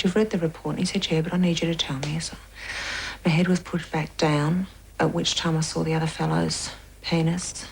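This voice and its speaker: Woman, documentary interview, low gravelly voice, flat level delivery, faint background noise. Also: low-quality recording. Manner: measured, quietly recounting, often dropping to a near whisper. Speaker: interviewee recounting police questioning.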